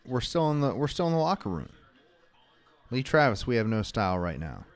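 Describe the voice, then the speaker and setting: A man's voice: medium pitch, very animated, a little fast. A man co-hosting a casual watch party stream, calling plays and reading viewer comments aloud with a wry, exasperated manner.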